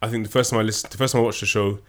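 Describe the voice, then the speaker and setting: A man's voice: on the low side, steady tone, rapid-fire. A man co-hosting a podcast in casual chat, playful and rambling, often restarting his sentences. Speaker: podcast co-host.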